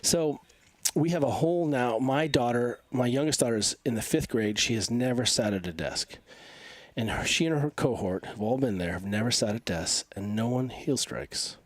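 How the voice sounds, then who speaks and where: A man's voice: mid-range voice, moderate pace, no room sound. Emphatic man, stuffy from allergies, dry sound. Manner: energetic, emphatic, rambling with many restarts. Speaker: podcast guest, coach and physical therapist. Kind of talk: casual interview talk.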